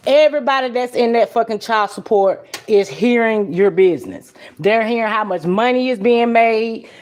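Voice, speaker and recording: A woman's voice: mid-range voice, darkish tone. A woman hosting a podcast livestream, talking casually and bluntly, with plenty of swearing and frequent laughs. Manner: blunt, profane and chatty; laughs often. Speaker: podcast host.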